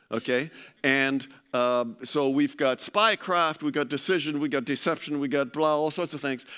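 A man's voice: on the high side, a bit bright, clean tone. A man giving an informal presentation to a live audience, chatty and joking, often stumbling and restarting as he searches for words.

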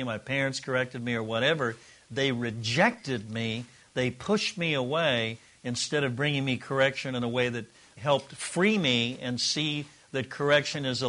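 Teaching a live group in a room, a middle-aged man leads a relationship course in a mid-range, slightly bright voice. He stays earnest and conversational and now and then performs example dialogue.

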